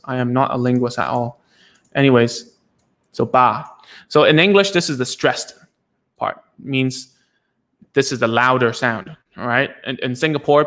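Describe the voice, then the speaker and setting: A speech therapist with a medium-pitched, slightly bright voice teaches during a casual live session. He's chatty and self-deprecating, with lots of fillers and restarts.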